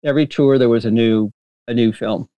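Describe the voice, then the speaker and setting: A man telling stories as a guest in an interview, rambling and animated with frequent laughter and restarts. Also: medium pitch, brisk, clear, resonant tone, dry recording, dull audio. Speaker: filmmaker guest. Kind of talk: casual interview storytelling.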